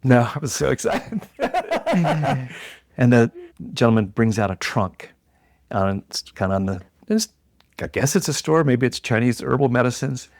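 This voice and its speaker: Gravelly-voiced middle-aged man telling a story. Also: mid-range voice, a little slow, pauses often. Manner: animated storyteller who acts out quoted voices. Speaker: guest. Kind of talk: storytelling in a podcast interview.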